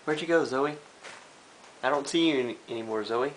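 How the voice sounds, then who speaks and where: A man filming a casual home video, gently teasing the pet iguanas. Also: mid-range voice, fairly quick, a little hiss or hum, rough recording. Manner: gentle teasing talk to pets. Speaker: person filming. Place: home living room.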